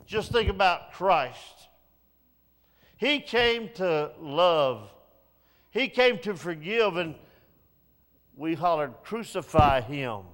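A man preaching a sermon, dropping to hushed low passages and rising to pleading, raised lines. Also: sing-song, slow, long pauses, in a large hall.

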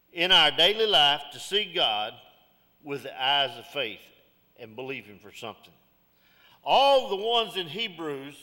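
Middle-aged male pastor, high bright voice, folksy sermon, church reverb. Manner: folksy, preaching with call-outs and jokes.

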